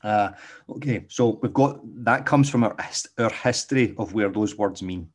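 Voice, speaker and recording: Middle-aged Glaswegian man with a low voice, easygoing rambling delivery, a dog trainer. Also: moderate pace. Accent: Glaswegian Scottish. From Scotland. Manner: rambling, often checks in with "okay?". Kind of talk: casual spoken monologue.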